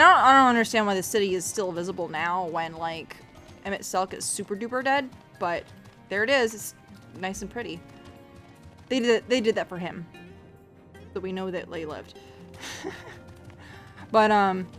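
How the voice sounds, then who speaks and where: A woman with a mid-range, fairly bright voice streams a game while chatting casually with viewers, rambling, swearing, and frequently restarting her sentences.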